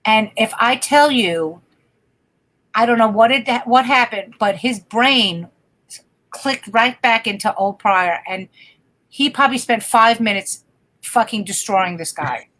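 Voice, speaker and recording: Middle-aged woman comic, slightly high voice, lively and salty storytelling guest. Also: unhurried, low-quality recording. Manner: lively, profane anecdote-telling with many restarts. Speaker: guest comedian. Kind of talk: casual storytelling at a dinner chat.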